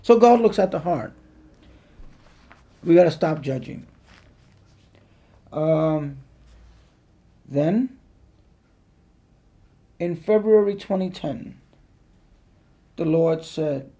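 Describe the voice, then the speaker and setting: A man preaching a sermon, with earnest, drawn-out emphatic phrasing and a gravelly voice. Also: on the high side, dark tone.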